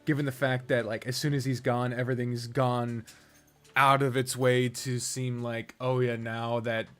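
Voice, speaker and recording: A man's voice: medium pitch, level tone, normal speed, fairly bright tone, soft background music. A man streaming a strategy game, chatting casually, swearing freely and rambling from topic to topic. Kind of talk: casual live-stream commentary while gaming.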